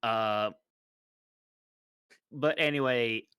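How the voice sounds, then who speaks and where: A man in the dungeon master's seat, talking at a slow, unhurried pace through the game's scenes. His voice is smooth and clear, and it sits dry and close to the mic. He pauses, hesitates and restarts often while he tells the story. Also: mid-range voice, no echo. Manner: relaxed, hesitant narration with many restarts. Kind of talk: narrating a tabletop game with character voices.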